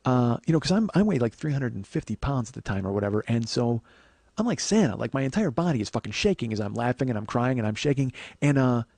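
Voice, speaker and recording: A man in his forties, hosting his podcast and telling a raw, profane story that swings from hushed and tearful to loud and laughing. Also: medium pitch, expressive, fast talker, dry recording. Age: 40s. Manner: profane, rambling with many restarts. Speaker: podcast host. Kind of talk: confessional comic storytelling.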